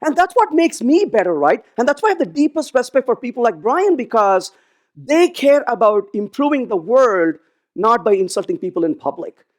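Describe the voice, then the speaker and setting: A man's voice: extremely high pitch, normal speed. A man giving a conference keynote, telling stories and acting out the dialogue in them. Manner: animated, acts out dialogue in his stories. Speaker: keynote speaker. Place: conference stage.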